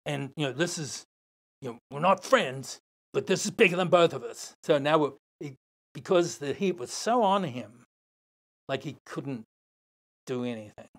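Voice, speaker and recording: An older man with an Australian accent, a podcast guest telling a long story in a lively, casual way, acting out other people's lines. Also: fairly high pitch, moderate pace. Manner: animated, swearing, acts out other voices.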